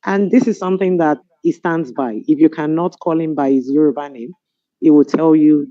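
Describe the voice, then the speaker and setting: A middle-aged Nigerian woman on a webinar panel, telling stories in an animated, amused way over a video call. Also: low-pitched, normal speed, no echo. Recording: dull lo-fi video call audio.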